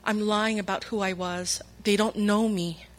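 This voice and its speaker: A woman's voice: mid-range voice, steady tone, measured pace. A woman telling a personal faith testimony in an earnest, emotional way, acting out the voices of people she quotes. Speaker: speaker sharing her testimony.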